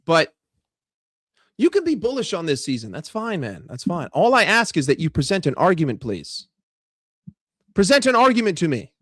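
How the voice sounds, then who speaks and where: A young man rants casually about football on his vlog, swearing often. His voice sits high and leaps around. The sound is dry and close. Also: moderate pace, long pauses, slightly rough, dry recording. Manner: profane, animated, chatty. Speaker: football vlogger.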